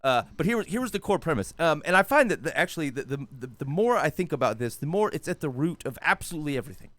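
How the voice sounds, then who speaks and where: A man co-hosting a podcast, talking in a wry, deadpan, halting way in casual comedic chat. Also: a little high, dry recording. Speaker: podcast co-host.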